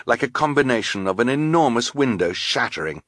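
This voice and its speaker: A man reading a children's novel aloud in a measured storytelling manner. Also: medium pitch, very animated, fairly bright tone, no room sound, clean studio sound. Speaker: audiobook narrator. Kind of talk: scripted narration.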